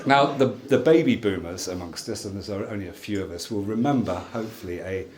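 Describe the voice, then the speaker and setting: A man in his sixties giving a jokey wedding speech as the groom, telling stories with lively timing. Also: fairly low pitch, brisk, very noisy. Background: laughing wedding crowd.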